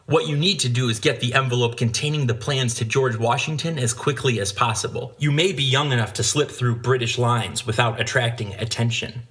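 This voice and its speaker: A man voicing a cautious older male patriot who speaks in a hushed, conspiratorial way. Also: medium pitch, a little fast, hardly any pauses, lightly acted. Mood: serious.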